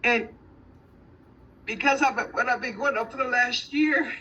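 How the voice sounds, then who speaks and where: A woman's voice: fairly high pitch, takes it slowly, pauses often, bright, forceful tone, distant mic, highs cut off, a little hiss or hum. A woman from Texas calling in with a question, heartfelt and religious in how she talks. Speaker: caller. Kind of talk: call-in question.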